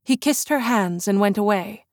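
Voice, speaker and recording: A woman narrating an audiobook in a measured storytelling voice. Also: mid-range voice, no echo, studio quality. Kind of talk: scripted narration.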